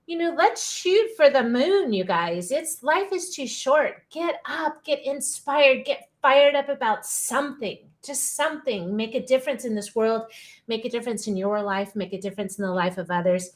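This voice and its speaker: A woman hosting a live-streamed interview show, chatty and upbeat, cheering her listeners on. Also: fairly high pitch. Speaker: podcast host.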